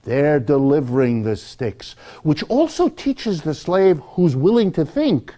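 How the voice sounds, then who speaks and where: An economics professor giving a public lecture, telling history as a lively story and speaking straight to the crowd. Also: male voice, medium pitch, unhurried, few pauses. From United States. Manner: animated storytelling, addresses audience directly.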